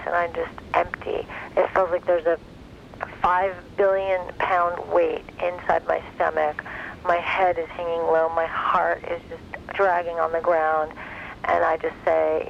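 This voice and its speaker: A woman telling a personal story in a halting, emotional way, often restarting her sentences. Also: on the low side, level tone, creaky, lo-fi sound, a little hiss or hum.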